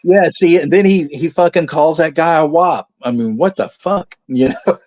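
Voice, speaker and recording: A man's voice: fairly high pitch, moderate pace, darkish tone, no echo. Laughing, profane man with a dry sound. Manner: swears freely, laughs often, tells rambling anecdotes. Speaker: watch party co-host. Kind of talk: casual chat.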